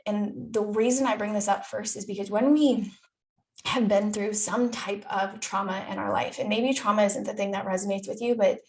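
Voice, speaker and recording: Gravelly-voiced woman coaching with casual candor. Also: mid-range voice, poor audio. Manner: casual and candid, swears freely, rhetorical questions. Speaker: dating and self-development coach. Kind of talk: live online coaching talk.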